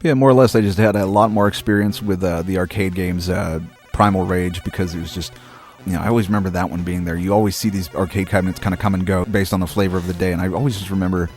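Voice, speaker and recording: A man's voice: low-pitched, fairly even intonation, quick pace, a little mellow, faint music behind. A man from Maine in his thirties, hosting a retro game playthrough and rambling through casual, profane, wry commentary. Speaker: host. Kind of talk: casual let's-play commentary.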